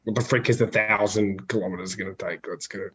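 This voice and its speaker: A man co-hosting a live stream, chiming in with teasing, deadpan quips. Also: lowish voice, quick pace, slight background noise. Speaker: co-host. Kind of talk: casual live-stream chat.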